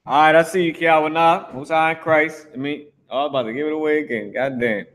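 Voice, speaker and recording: A man's voice: on the high side, steady tone, brisk, a bit bright. A man teaching a live online language class, talking casually, repeating himself, and grumbling when the stream drops. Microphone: streaming to Facebook and YouTube.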